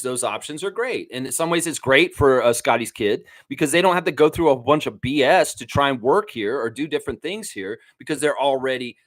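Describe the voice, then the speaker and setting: A man from Canada hosting a casual live-stream sports show, reading out viewer comments and riffing excitably between laughs. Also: medium pitch. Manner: excitable, laughs often, riffs and jokes.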